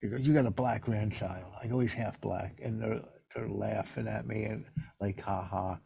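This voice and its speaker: A man's voice: fairly low pitch, steady tone, moderate pace, gravelly, mellow, husky, no echo. An older man co-hosting a podcast, telling stories in a rambling, defensive way. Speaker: podcast co-host. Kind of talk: casual chat.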